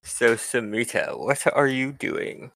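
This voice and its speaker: A man's voice: medium pitch, slow pace, fairly bright tone, slight background noise. A man running a tabletop game over an online voice call, laid-back with laughing asides. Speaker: game master.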